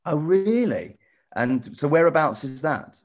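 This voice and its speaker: A man presenter chatting with children in a casual video call, rambling and restarting often, gentle and encouraging. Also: a little high, big pitch swings, unhurried. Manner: rambling, stop-start, many repeated "you know". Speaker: TV presenter answering children's questions.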